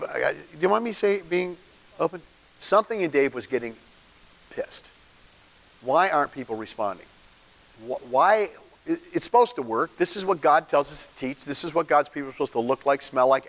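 A man, a pastor, giving an informal, conversational sermon and asking the congregation questions. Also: mid-range voice. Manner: informal, animated, asks the room questions. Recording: long hall reverb.

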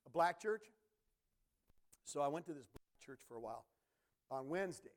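A middle-aged man preaching a sermon as pastor, telling stories with bursts of shouting and imitated instrument sounds. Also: a little high, normal speed. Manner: animated storytelling, sudden shouts and imitated organ sounds.

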